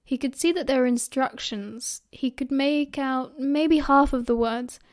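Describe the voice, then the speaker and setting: A woman with a British accent narrating an audiobook in a steady, expressive storytelling manner. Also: high-pitched, measured pace. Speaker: audiobook reader.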